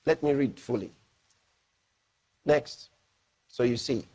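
A man, a pastor, preaching a sermon with emphasis and slowing down to read scripture aloud. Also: medium pitch, a little mellow.

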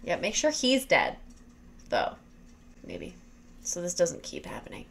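A woman making wry, quick comments and swearing while reacting to a horror film. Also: fairly low pitch, huge pitch swings, gravelly, faint music behind. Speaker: reaction channel host. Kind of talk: casual movie reaction chat.

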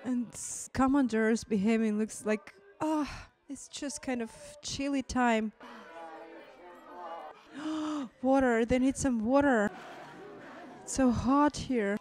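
A woman's voice: high-pitched, takes it slowly, pauses often, darkish tone. A woman hosting a movie reaction who talks with strong emotion, exclaiming and speaking straight to her viewers. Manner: exclaiming and addressing viewers as guys.

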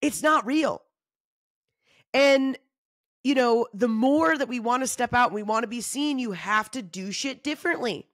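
A woman comedian talking in a casual solo monologue, animated and swearing freely, acting out other people's voices. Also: normal speed, no room sound, clean studio sound. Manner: acts out quoted voices in shifting pitch. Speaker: comedian and podcast host.

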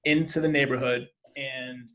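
A man hosting a podcast in casual interview chat, halting, often repeating words and using fillers. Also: mid-range voice, fairly even intonation, fairly bright tone. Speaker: podcast host.

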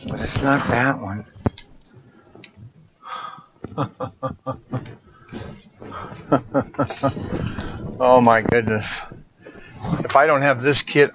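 Exasperated shopkeeper, unhurried, mutters and sighs, lo-fi. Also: male voice, medium pitch. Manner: frustrated muttering to himself, sighing. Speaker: toy shop owner. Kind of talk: casual talking to the camera. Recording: dull lo-fi sound with background noise.

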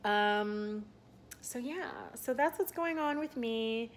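A woman's voice: fairly high pitch, expressive, slow, slight background noise. Young woman rambling to her camera, chatty, lots of likes and ums. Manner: rambling, chatty, many fillers and restarts. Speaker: vlogger and aspiring content creator. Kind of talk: casual talking-head vlog.

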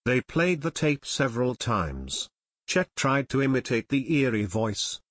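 A man narrating an audiobook in a steady, even storytelling manner. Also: mid-range voice, measured pace, no room sound, clean studio sound. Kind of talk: scripted narration.

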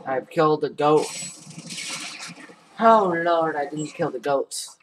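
Man, gaming commentary, goofy, self-mocking, unhurried delivery, faint background noise. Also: on the high side. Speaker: gaming YouTuber. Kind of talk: casual gameplay commentary.

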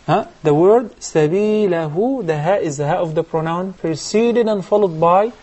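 A man teaching recitation rules on a TV lesson, explaining step by step and chanting verses slowly. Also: high-pitched, a crowd in the background. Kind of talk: televised recitation lesson with live callers.

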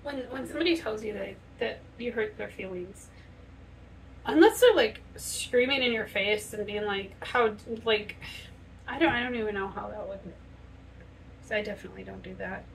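A woman's voice: mid-range voice, moderate pace, vocal fry, distant mic, slight background noise, low-quality recording. A woman vlogger talking earnestly and conversationally while doing her makeup in a home bathroom, often acting out quoted speech. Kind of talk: casual chat to camera while doing makeup.

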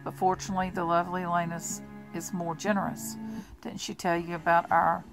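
A woman voicing a mocking vampire brother who taunts in a calm, ironic way in a storybook reading. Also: fairly low pitch, brisk, creaky, over music, low-quality recording.

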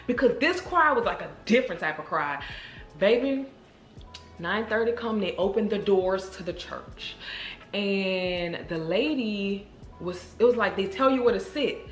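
Animated woman vlogger in echoey room. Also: medium pitch, normal speed. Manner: animated, emotional, addresses viewers as girl and y'all. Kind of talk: casual storytelling to viewers. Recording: roomy echo with faint music.

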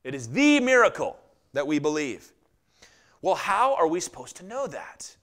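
A middle-aged man preaching a sermon, telling stories animatedly and acting out quotes in lively voices. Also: on the high side, normal speed. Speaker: pastor.

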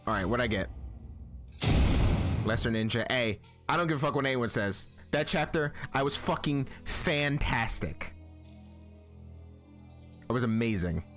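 A man giving profane, excitable commentary while playing a video game, often shouting at it. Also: mid-range voice, unhurried, pauses often, loud music behind the voice. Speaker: gaming channel host. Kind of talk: gameplay commentary.

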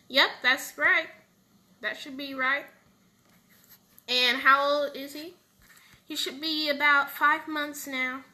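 High, bright woman playing out a game roleplay. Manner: playful, switching between character voices. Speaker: roleplay narrator voicing characters.

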